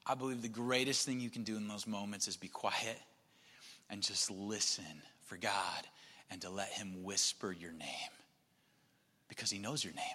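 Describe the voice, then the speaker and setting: A man preaching with a bright, forceful voice that carries a long hall reverb. He drops into hushed, breathy near-whispers, then builds to emphatic, louder passages. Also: lowish voice, normal speed. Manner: shifts between soft near-whispers and emphatic raised passages. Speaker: pastor. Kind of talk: sermon.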